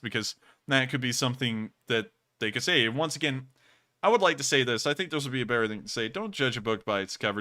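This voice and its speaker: Bright-voiced male stream host. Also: medium pitch, clean tone. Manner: earnest, talks in long run-on explanations. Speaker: livestream news host. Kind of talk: live-stream news commentary.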